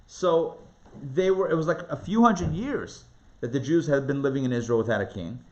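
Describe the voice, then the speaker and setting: A man teaching a live Torah class, reading scripture aloud and acting out the voices in an animated, conversational way. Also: medium pitch, dull audio. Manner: animated, dramatizes the text with rising voice and quick asides. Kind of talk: lively live online Torah lesson.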